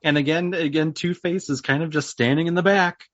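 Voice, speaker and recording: A man guesting on a casual podcast, recapping a movie in a relaxed way and chuckling often. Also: on the high side, a little fast. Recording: dry, dull lo-fi remote audio.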